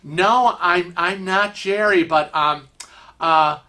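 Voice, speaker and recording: A man's voice: high voice, takes it slowly, pushed and bright, heavily acted. A man voicing another man in a dry, matter-of-fact way. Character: unruffled man setting the record straight.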